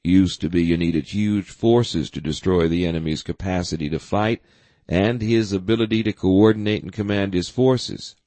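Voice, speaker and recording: A man reading the lines of a blunt, forceful middle-aged navy admiral in an audiobook. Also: deep voice, no echo.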